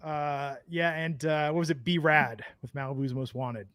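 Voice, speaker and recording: A man's voice: a little high, steady tone, moderate pace, a bit bright, dry recording. A man co-hosting a podcast in casual chat, a rambling storyteller who laughs often. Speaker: podcast co-host.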